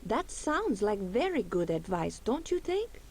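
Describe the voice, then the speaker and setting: A woman's voice: medium pitch, big pitch swings, unhurried, breathy edge, exaggerated voice. A woman voicing a polite Prussian immigrant wife in a computer game, speaking with a German accent. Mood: friendly. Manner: formal, earnest, put-on accent.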